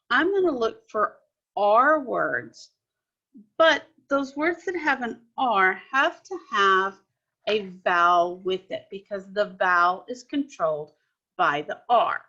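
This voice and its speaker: Patient teacher woman, slow and bright. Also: mid-range voice, lo-fi sound. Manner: patient, explaining step by step to children. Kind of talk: recorded classroom lesson.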